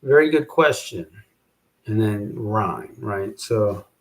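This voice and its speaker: A man hosting a show, thinking aloud in a halting, musing way as he works out verses, repeating phrases to himself. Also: expressive. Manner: slow, low-key, self-questioning. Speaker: podcast host writing rhymes. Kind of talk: casual thinking aloud while writing verses.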